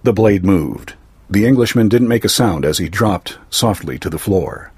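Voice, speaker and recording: A male narrator reads a fantasy tale in a measured, even manner. His voice is low and slightly husky. The recording is dry and close, with no room sound. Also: dry recording. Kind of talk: scripted story narration.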